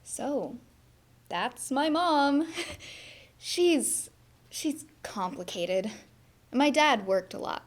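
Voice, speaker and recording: A woman's voice: sits high, expressive, extremely slow, long pauses, exaggerated voice. An actress playing a shy young woman in a theatre monologue, telling her story in a wry, reflective way. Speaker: stage actor.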